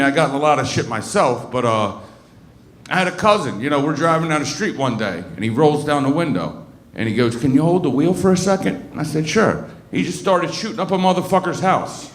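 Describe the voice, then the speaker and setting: With a fairly high-pitched voice, a man in his thirties from Baltimore works a comedy club stage in a crude, rambling set full of fillers and restarts. The sound is roomy, with a little hiss or hum.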